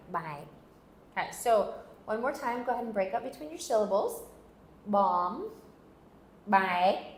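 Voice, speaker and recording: A woman teaching a phonics lesson, patiently modeling sounds and asking learners to repeat after her. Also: mid-range voice. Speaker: language teacher. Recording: echoey room with faint hiss.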